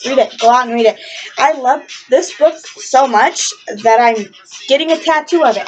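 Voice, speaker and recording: A woman's voice: fairly high pitch, a little hiss or hum. A young woman casually reviewing a book in a vlog, gushing and rambling with lots of fillers, passionate and swearing freely. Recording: lo-fi webcam audio.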